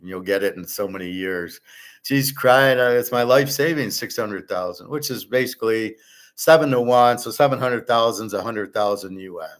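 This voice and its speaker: A man's voice: on the low side, a bit bright. A man hosting a casual commentary show, talking bluntly in a ranting way and swearing freely. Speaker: host.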